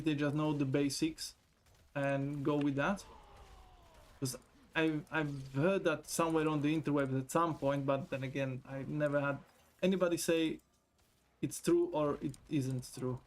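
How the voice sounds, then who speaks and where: Man, somewhat high voice, profane, joking streamer chat. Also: fairly even intonation, normal speed. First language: not English. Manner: chatty, profane, joking, reads chat aloud. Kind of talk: casual gaming stream chat.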